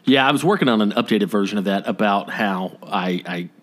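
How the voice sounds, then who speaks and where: A man's voice: lowish voice, a little fast, a bit bright. A man co-hosting a podcast in casual chat, telling stories in a laid-back, rambling way with joking asides. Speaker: podcast co-host.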